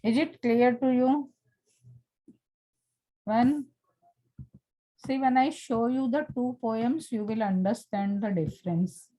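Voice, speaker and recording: A woman's voice: fairly high pitch, slow, long pauses, mellow, rough recording. A woman with an Indian English accent, teaching an online English class and stopping often to check that her students follow.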